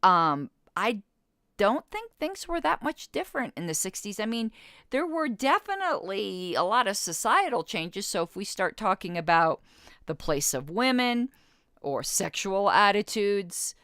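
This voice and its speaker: A woman's voice: medium pitch, sing-song, unhurried, fairly bright tone, clear, resonant tone, no room sound, studio quality. A woman in her fifties hosting a podcast, reading passages from an interview aloud and arguing back with blunt disagreement. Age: 50s. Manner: reads quotes then argues back with blunt disagreement. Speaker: podcast host.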